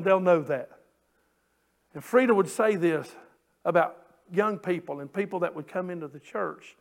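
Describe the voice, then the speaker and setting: A pastor with a notably high voice for a man, slightly creaky, delivers a sermon from the pulpit of a church sanctuary. He stretches out scripture lines and steadily builds emphasis as he preaches.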